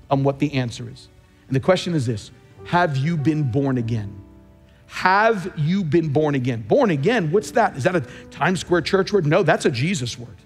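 A man's voice: mid-range voice, a little mellow, big-room sound. A man preaching a sermon as pastor, emphatic, repeating key phrases for weight. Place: large church.

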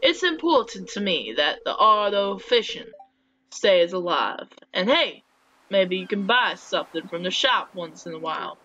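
A woman's voice: medium pitch, very animated, a little slow, pushed and bright. A woman voicing a friendly male fisherman in a video game, making a half-hearted try at a sailor's way of talking. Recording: dull lo-fi with faint hiss.

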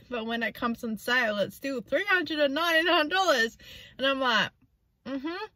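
A chatty middle-aged Australian woman telling stories in a casual vlog, breaking into laughs and animated retellings. Her voice is bright and forward, recorded close and dry with little room sound. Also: fairly high pitch, no echo. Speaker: vlogger.

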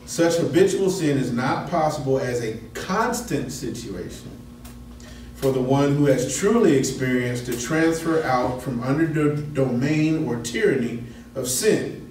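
Leading a Bible study in a conversational way, a man asks his class questions while explaining. His medium-pitched voice is a little slow and mellow; the recording has an echoey room, a far-off mic, and slight background noise.

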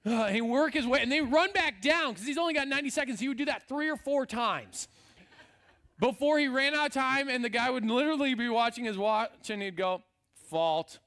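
A man's voice: very high-pitched, brisk, pushed and bright. A young man preaching a sermon as pastor, in a casual, humorous storytelling way. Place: church sanctuary.

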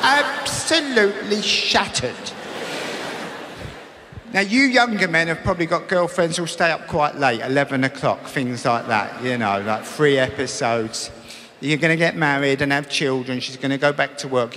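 A man's voice: mid-range voice, normal speed, fairly bright tone. A man performing a stand-up routine, telling wry stories in a chatty way and acting out little quotes. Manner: wry, conversational storytelling with acted-out quotes. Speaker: stand-up comedian. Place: large theatre stage before a live audience. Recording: live theatre recording with long hall reverb and audience noise.

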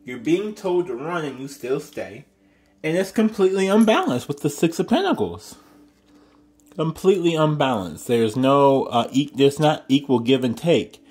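A man reads tarot cards for his viewers in a loose, chatty way. He exclaims often and lets out sudden high-pitched squeals between calmer stretches. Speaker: tarot reader. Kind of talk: casual tarot reading to viewers.

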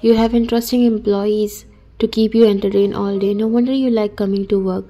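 Young wife and new mom read by a woman, light, playful, mellow storybook voice. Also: medium pitch, fairly even intonation, brisk, soft background music, natural voice.

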